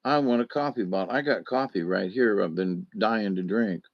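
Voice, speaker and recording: A man's voice: on the low side, normal speed, no echo, highs cut off. A man hosting a casual solo live stream who rambles, swears freely, answers chat comments and acts out anecdotes with sound effects.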